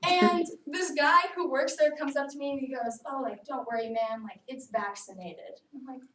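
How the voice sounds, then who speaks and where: A young woman giving a personal narrative speech to a class, lively and casual, often saying "like". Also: high-pitched, moderate pace. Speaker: student speaker. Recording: echoey room, far mic, faint noise.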